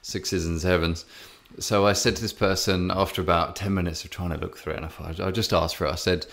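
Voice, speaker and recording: English man, very low voice, gravelly fry, rambling podcast co-host, lots of fillers. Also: fairly even intonation, fairly quick, a bit bright. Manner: rambling storyteller, many fillers and restarts. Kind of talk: casual podcast chat.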